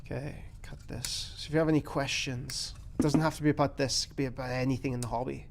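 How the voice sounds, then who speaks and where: A man's voice: medium pitch, steady tone, quick pace, gravelly, background noise. A man hosting a casual live stream, rambling and joking at his own expense while he mutters through his work. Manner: rambling, self-deprecating, mutters to himself while working. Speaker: live stream host building miniatures.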